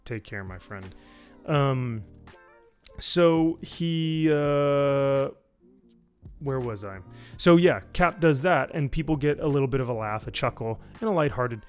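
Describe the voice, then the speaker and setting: A man's voice: mid-range voice, takes it slowly, smooth, faint music behind. A man giving a casual spoken review, rambling and swearing, with lots of fillers. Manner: rambling, profane, with frequent fillers. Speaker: YouTube reviewer.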